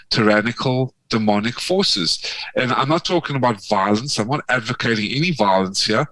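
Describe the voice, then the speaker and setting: A man's voice: medium pitch, sharp tone, dry recording, rough recording. A man talking as a podcast guest in casual chat, rambling and fervent, with many restarts and sarcastic asides.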